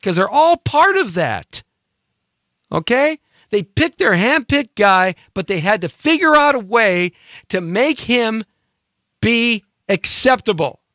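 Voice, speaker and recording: A man hosting a live talk show pushes through an emphatic monologue, firing off rhetorical questions and repeating them. His voice sits high and swings widely in pitch, with a bright, forceful edge. The recording is dry and close. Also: no echo. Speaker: show host. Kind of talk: opinion monologue.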